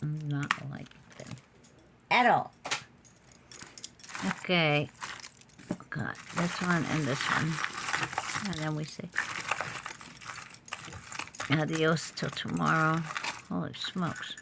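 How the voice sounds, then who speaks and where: Heavy background noise fills this clip of a woman selling jewelry from a room at home, door left open. Her low voice is fairly even and slow, with vocal fry and long pauses, as she chats, mutters to herself, and lets out frequent exclamations.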